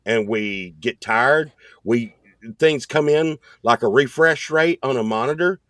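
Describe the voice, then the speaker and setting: A man co-hosting a podcast, telling stories in an animated, rambling way. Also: medium pitch, a little slow, no room sound. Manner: animated storyteller, excited and rambling. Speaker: podcast co-host. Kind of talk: casual storytelling chat.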